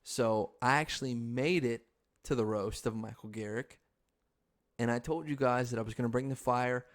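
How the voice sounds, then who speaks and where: A young man hosting a podcast, telling a story in a frantic, excitable, swearing casual chat. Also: medium pitch, normal speed. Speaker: podcast host.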